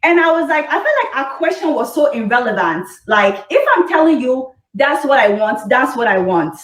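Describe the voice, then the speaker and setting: Insistent high-voiced woman on a call. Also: very animated, reverberant. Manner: insistent, talks fast in bursts with restarts. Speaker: caller on a dating show. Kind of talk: defensive live-stream call.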